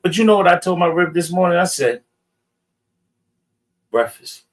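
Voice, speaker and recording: A man's voice: high voice, animated, moderate pace, far from the mic, low-quality recording. A man from New York City animatedly telling the class a story, acting out both sides of an argument. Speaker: class member.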